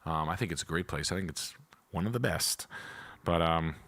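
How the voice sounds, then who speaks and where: A man's voice: sits low, moderate pace, vocal fry, a bit bright. A young man hosting a casual livestream, rambling and self-deprecating with crude jokes. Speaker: realtor and livestream host.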